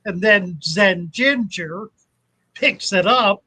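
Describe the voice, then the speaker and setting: A man's voice: high-pitched, slow pace, pushed and bright, slightly rough, no room sound, poor audio. A man hosting a casual livestream from his fish shop, easygoing and chatty. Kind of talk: casual chat.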